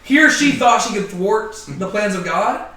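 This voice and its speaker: A man's voice: sits high, expressive, measured pace, bright, forceful tone. A man leading a casual group Bible study, joking and filling his talk with ums and likes. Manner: chatty, joking, many fillers. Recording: roomy, distant mic.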